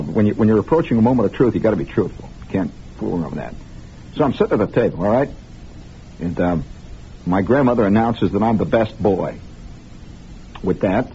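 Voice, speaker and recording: A man's voice: lowish voice, mellow. Mock-grave radio storyteller man, lo-fi. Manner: conspiratorial, mock-grave, talks straight to listeners. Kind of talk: improvised radio monologue storytelling. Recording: lo-fi 1960s radio broadcast, faint hiss.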